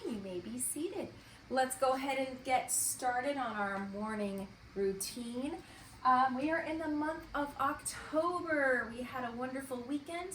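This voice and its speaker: A woman's voice: a little high, fairly bright tone, far from the mic, a little hiss or hum. Echoey, encouraging first grade teacher woman. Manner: slow, clearly spoken, encouraging teacher talk to young children. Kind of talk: morning meeting for distance learning. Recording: echoey room, voice from off-mic.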